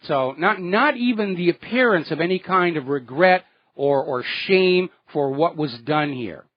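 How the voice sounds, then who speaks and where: A man's voice: fairly high pitch, expressive, unhurried, highs cut off. A man hosting a political talk radio show, delivering indignant, sarcastic commentary.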